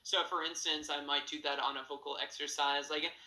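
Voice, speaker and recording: Bright, ringing male vocal coach. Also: fairly high pitch, flat delivery, a little fast, reverberant, rough recording. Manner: explanatory, breaks into sung demonstrations. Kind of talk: singing lesson.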